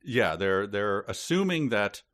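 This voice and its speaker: A man's voice: fairly low pitch, big pitch swings, a little slow, fairly bright tone, no echo, clean studio sound. A man co-hosting a podcast, chatting casually and reading aloud with wry, amused asides. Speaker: podcast co-host.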